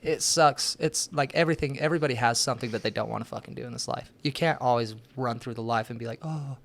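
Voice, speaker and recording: A man's voice: medium pitch, fast talker, vocal fry. A young man, an interview guest, telling rambling, profane stories in casual chat. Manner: profane, rambling, animated storyteller.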